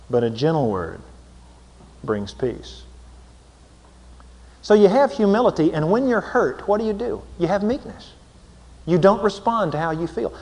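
A man preaching a sermon as a pastor, swinging between shouts and hushed near-whispers, acting out scenes with sound words like "boom.". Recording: long hall reverb.

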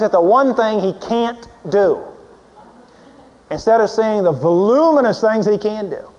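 A man delivers a sermon in a somewhat high voice, climbing into loud, emphatic peaks and then dropping to low, hushed asides. The recording sounds muffled and lo-fi. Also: expressive, moderate pace, big-room sound. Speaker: preacher.

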